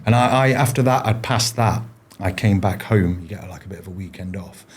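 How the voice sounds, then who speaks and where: Husky ex-para guy chatting, lowish voice, lots of restarts. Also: fairly quick. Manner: rambling, frequent restarts and fillers. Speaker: podcast guest, former paratrooper. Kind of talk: casual interview storytelling.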